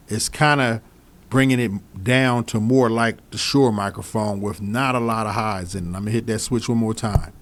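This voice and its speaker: A man casually reviewing microphones he switches between, repeating himself and speaking straight to his viewers. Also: lowish voice. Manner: relaxed, repeats phrases, talks straight to viewers. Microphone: studio microphones he switches between.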